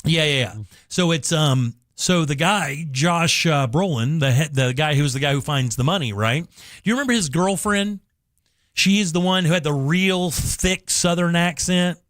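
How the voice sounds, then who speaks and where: A man's voice: fairly high pitch, normal speed, fairly bright tone, dry recording, clean studio sound. A man hosting a casual radio talk show in a loose, rambling, enthusiastic way. He is from the United States. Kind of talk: casual chat.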